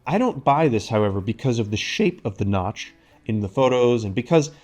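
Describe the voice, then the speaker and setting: A man reading scripted voice-over narration, measured and explanatory. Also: mid-range voice, sing-song, darkish tone, faint music behind. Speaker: documentary narrator.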